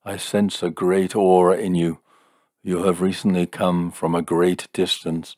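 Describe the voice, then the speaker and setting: A man's voice: low voice, flat delivery, measured pace, darkish tone, no room sound, clean studio sound. Man doing a solemn fake psychic. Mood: doubtful. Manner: hesitant, solemn.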